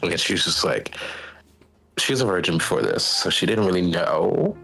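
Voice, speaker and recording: Deep, gravelly man telling stories. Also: normal speed, soft background music, poor audio. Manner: rambling, profane, animated storyteller. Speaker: streamer host. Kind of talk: casual storytelling chat.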